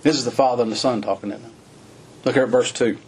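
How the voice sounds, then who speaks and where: A man preaching a sermon, reading scripture and explaining it in plain folksy talk, rising to fervent emphasis and slowing on key words. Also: steady tone, a little mellow, slightly rough. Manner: rises to high, fervent emphasis and slows on key phrases; reads scripture in old-fashioned wording, then explains in plain folksy talk.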